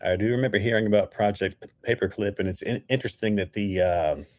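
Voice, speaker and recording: A man's voice: lowish voice, quick pace, no room sound, clean studio sound. A man co-hosting a podcast, looking things up and steadily sharing facts in casual chat. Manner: steady, informative, reads facts aloud. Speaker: podcast co-host, researcher.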